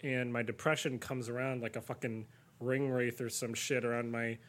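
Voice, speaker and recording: A man's voice: mid-range voice, level tone, moderate pace, fairly bright tone. Frank, wry man swearing freely on a podcast. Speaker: podcast co-host. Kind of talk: candid podcast chat.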